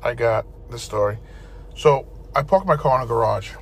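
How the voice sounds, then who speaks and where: A man's voice: medium pitch, normal speed. A man telling a rambling, profane story in casual chat as a podcast co-host, with faint noise behind him.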